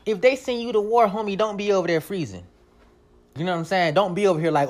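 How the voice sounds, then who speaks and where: A woman giving casual commentary on a vlog, animated and profane, laughing often as she rants. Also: medium pitch, fast talker. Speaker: vlogger.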